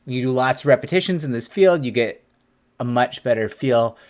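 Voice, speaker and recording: A man in his forties talking to camera with lively, conversational energy. He is an employment attorney who explains things casually. His pitch sits in a middle range. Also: fairly quick. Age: 40s. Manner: animated, conversational, acts out quotes.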